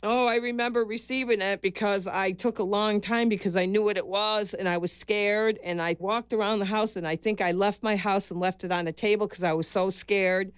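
Older US woman, ex-boxer, interview guest; earnest, halting, repeats herself, dry close mic. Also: mid-range voice, steady tone, clean tone, dry recording. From United States. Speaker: interviewee, former amateur boxer. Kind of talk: emotional personal recollection.

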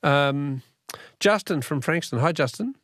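A man hosting a talkback radio quiz, chatty and quick to laugh as he reads out messages. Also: fairly high pitch, animated, a bit bright, no room sound, studio quality.

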